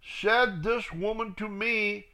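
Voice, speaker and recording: A man's voice: sits high, steady tone, takes it slowly, bright, forceful tone, voice pushed up, full character voice. A man reading the part of a starving mother who pleads with her king. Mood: desperate.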